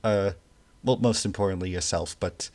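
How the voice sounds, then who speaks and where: A man narrating a tabletop game as game master, speaking slowly and hesitantly with many fillers. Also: low-pitched, a little mellow.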